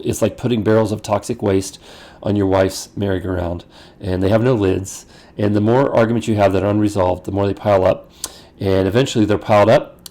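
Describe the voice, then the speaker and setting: Male pastor, low voice, gravelly, conversational teaching, acts out dialogue. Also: mellow. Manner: restarts and repeats phrases. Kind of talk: teaching talk for ministers.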